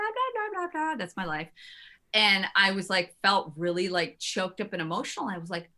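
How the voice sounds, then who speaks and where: A woman artist chatting as a podcast guest, animated and quoting herself often. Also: on the low side. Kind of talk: casual interview chat.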